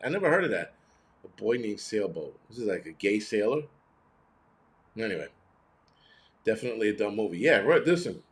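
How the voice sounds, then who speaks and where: Profane ranting male streamer. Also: medium pitch. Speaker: host. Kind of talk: live-stream rant reading chat.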